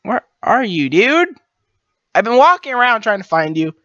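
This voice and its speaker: Lively bright-voiced gaming host. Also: mid-range voice, moderate pace, dry recording, highs cut off. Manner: excitable, laughs a lot, jokey trash talk. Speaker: channel host. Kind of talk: casual gameplay commentary.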